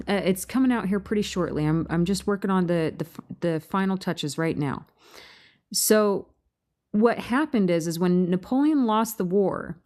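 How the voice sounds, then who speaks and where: A woman giving a casual talk to a group, reading aloud and breaking off into animated rhetorical asides. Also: medium pitch. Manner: animated, rhetorical questions, frequent restarts. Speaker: presenter at a meeting.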